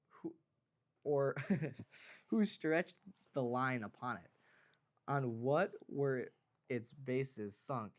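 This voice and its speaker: A man co-hosting a podcast, chatting casually about the Bible and reading long scripture passages aloud, with fillers and laughs. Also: mid-range voice. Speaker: podcast co-host. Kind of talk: casual Bible study chat.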